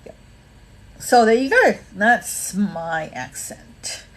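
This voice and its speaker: A woman's voice: mid-range voice, very animated, slow pace, a bit bright, low-quality recording. A woman from Malaysia with a mixed, mostly American accent and a touch of Australian, hosting a casual livestream, rambling with lots of ums and greeting viewers by name. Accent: mixed American with a bit of Australian. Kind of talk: casual live-stream chat.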